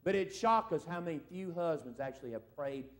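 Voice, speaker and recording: In a church service, a middle-aged evangelist with a fairly high, expressive voice preaches a folksy revival sermon at a brisk pace. He calls out to the congregation for amens.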